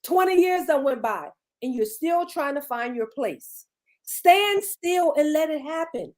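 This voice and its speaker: A woman's voice: high voice, lively intonation, unhurried, a little mellow. A middle-aged woman guest, a beauty coach, giving encouraging, repetitive pep talk with a preachy cadence. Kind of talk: casual motivational chat.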